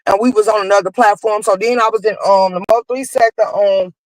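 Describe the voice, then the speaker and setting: A woman's voice: medium pitch, fairly even intonation, brisk, dry recording. A woman guest on a live stream, telling her side of a feud in a blunt, casual way. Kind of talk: casual chat.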